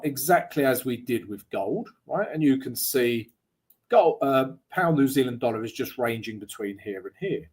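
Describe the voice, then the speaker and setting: Man, husky voice, casual chatty trading analysis, mid pitch, frequent "right?" asides. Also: darkish tone. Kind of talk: live market analysis walkthrough.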